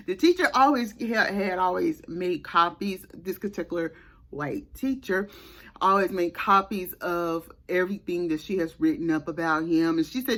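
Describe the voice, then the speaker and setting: A woman's voice: fairly low pitch, moderate pace, fairly bright tone. A woman vlogger telling a personal story in a casual, chatty way, full of restarts and asides to her viewers.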